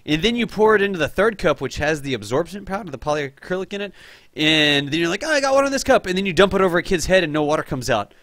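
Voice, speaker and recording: A young man hosting a live game stream, chatting casually and excitably while reading chat aloud. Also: a little high, quick pace, no echo, studio quality.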